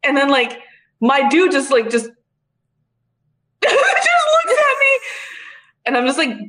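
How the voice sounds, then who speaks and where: A woman telling a story in casual chat, animated and profane, often laughing. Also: high voice, slow.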